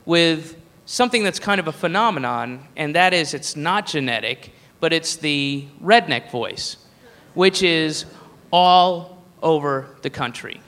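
A man's voice: a little high, lively intonation, a little slow, fairly bright tone. A man doing a stand-up comedy routine, rambling and profane, with laughing asides. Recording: live room with long reverb.

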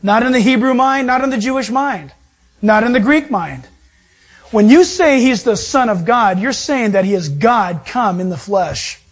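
Preaching with force, this man, a pastor who also teaches the Bible, uses a voice that sits high. His sermon relies on repeated phrases and mounting emphasis.

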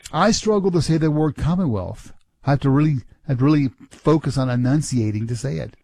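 A man's voice: a little high, animated, fairly quick, vocal fry, warm tone, no room sound. A man from Kentucky with a faint Southern accent, chatting casually on a radio show, rambling and correcting himself with small chuckles.

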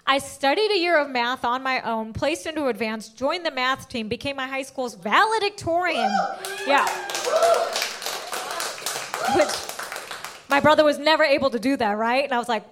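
A woman's voice: sits high, fairly quick, a bit bright. A young woman doing a stand-up comedy set, brash and crude, laughing through her punchlines.

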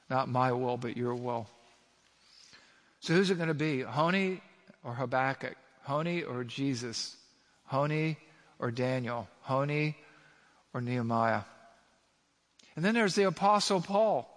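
A man delivers a sermon with emphatic, rising delivery, peppering it with rhetorical questions. His voice sits a touch higher than most men's. Long reverb from a large hall trails after his words. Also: unhurried, fairly bright tone. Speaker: pastor.

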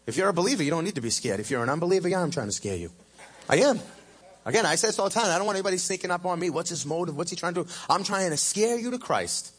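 A male pastor preaching a sermon at a church service, swinging between loud emphatic peaks and low hushed lines, and stretching key phrases out slowly. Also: big pitch swings, a little hiss or hum.

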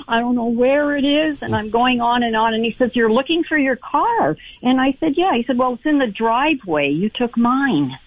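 A woman calling into a radio show, telling a story in an animated way and laughing. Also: fairly high pitch, no echo. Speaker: caller. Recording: tinny phone line.

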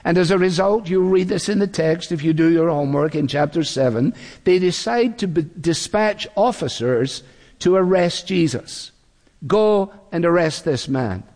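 A man preaching a sermon in a measured, deliberate way, acting out the quotes he reads. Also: high voice, a little mellow. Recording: long reverb of a large hall.

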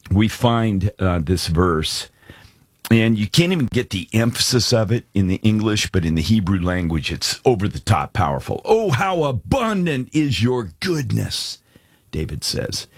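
A man's voice: lowish voice, husky, dry recording, clean studio sound. A middle-aged man hosting a faith radio show, telling stories with laughs and reading scripture with emphasis. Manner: animated storyteller, laughs often, does voices in quotes. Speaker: radio show host and speaker. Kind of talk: storytelling and devotional radio talk.

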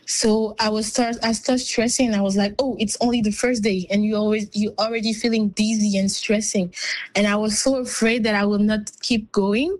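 A tired woman answering interview questions in earnest, halting phrasing, laughing between thoughts. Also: medium pitch, poor audio. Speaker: guest.

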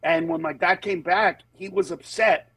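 A man who works as a stand-up comedian, telling stories in a casual conversation. He acts out other people's voices and turns earnest and measured on serious topics. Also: high-pitched, steady tone, fairly bright tone, breathy edge, no room sound.

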